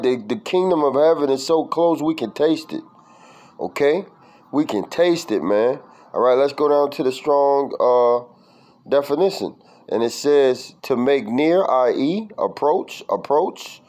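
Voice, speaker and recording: A man's voice: a little high, darkish tone, poor audio. Casual profane preacher man, says "man" constantly. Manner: reads verses aloud and looks up word definitions. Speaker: preacher teaching scripture. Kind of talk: informal scripture study talk.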